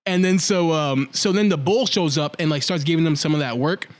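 A man's voice: on the high side, fairly quick. A man co-hosting a comedy podcast, swearing freely and acting out characters' lines as he recaps. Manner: profane, animated, acts out characters' lines. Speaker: podcast co-host. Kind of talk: casual comedy chat.

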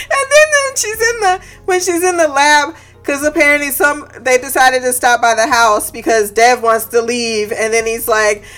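A woman's voice: high voice, unhurried, fairly bright tone, soft background music. A woman hosting a podcast in a casual chat, recapping a TV episode. She laughs often, swears freely and goes off on tangents.

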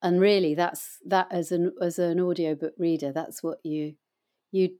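A woman's voice: on the low side, steady tone, moderate pace, dark tone. Chatty middle-aged woman actor. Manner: chatty, anecdotal, with many fillers. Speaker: guest, voice actor and audiobook reader. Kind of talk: casual interview chat.

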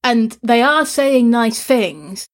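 A woman co-hosting a casual book discussion, retelling the plot in a lively way and acting out the characters' lines. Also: on the high side, slow. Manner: animated retelling, acts out characters' lines in a raised voice. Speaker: podcast co-host.

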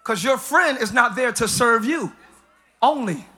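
Male pastor, live church sermon, joking, hyped, shouting asides, high bright voice. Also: animated, unhurried. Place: church service.

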